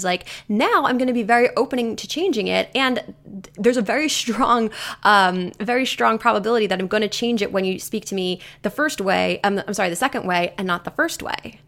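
A woman's voice: fairly high pitch, fairly quick, creaky, a bit bright. A woman coaching on eating habits, talking casually and animatedly, acting out the voices of people she quotes. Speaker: nutrition coach.

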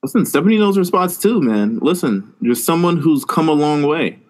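A man's voice: fairly high pitch, animated, moderate pace, a little mellow. A man co-hosting a podcast in casual live-watch chat, laid-back, often starting his lines with "listen". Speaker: podcast co-host.

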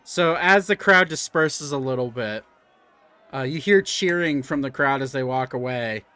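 A man's voice: medium pitch, expressive, normal speed, bright, forceful tone, clean tone. A young man narrating as game master, rambling with lots of fillers and restarts. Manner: rambling with fillers, jumps into character voices.

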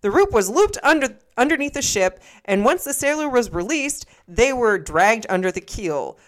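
A woman's voice: on the high side, sing-song, moderate pace. A woman co-hosting a casual podcast, reading grim lists aloud between laughs and swearing. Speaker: podcast co-host.

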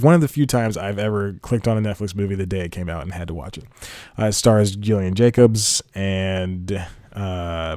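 Male podcast host, lowish voice, dry close sound, rambling and self-correcting. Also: a little mellow, no echo. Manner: rambling, self-correcting, laughs at own slips. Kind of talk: casual solo podcast talk.

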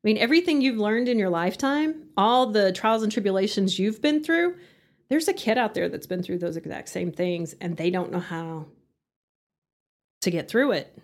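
A woman's voice: mid-range voice, moderate pace. A middle-aged woman, a guest chatting casually in an interview, laughing often and acting out quotes. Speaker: podcast guest.

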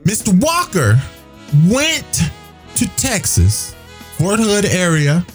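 Radio host, casual on-air chat, preachy, repeats phrases, lively pitch. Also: soft background music. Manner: preachy, emphatic, drawn-out repeats.

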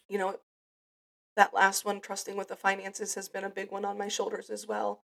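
A woman talks through her faith on her own podcast, earnest and reflective. Her voice sits at a middle pitch, and she often restarts her sentences as she thinks aloud. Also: completely flat delivery, normal speed, creaky, fairly bright tone. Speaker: podcast host. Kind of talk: personal faith podcast monologue.

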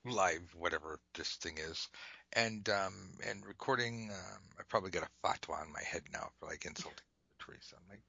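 A man's voice: low-pitched, fairly quick, gravelly, sharp tone, breathy edge, no room sound. A man co-hosting a podcast, improvising silly stories, laughing often and breaking into goofy voices. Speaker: podcast co-host. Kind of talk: improvised comic storytelling game.

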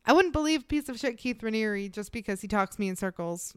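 A young woman co-hosts a podcast in a blunt, animated chat and swears freely. Her voice is smooth and resonant, recorded close and dry. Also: fairly high pitch, brisk, dry recording. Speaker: podcast co-host. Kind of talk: casual chat.

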